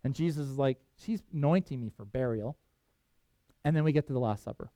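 A man preaching a sermon, reading scripture aloud with emphatic swings in loudness. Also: mid-range voice, brisk, no room sound. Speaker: pastor.

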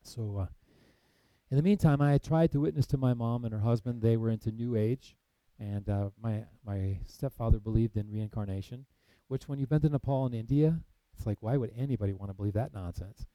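A man's voice: mid-range voice, brisk, mellow, no echo, low-quality recording. A man in missionary work telling his personal faith testimony in an earnest storytelling way, acting out past conversations between frequent fillers. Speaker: missionary ministry leader.

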